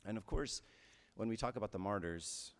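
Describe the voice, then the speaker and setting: A man's voice: fairly low pitch, expressive, normal speed, in a large hall. A man giving a conversational homily as a priest, often checking in with his listeners with "right?".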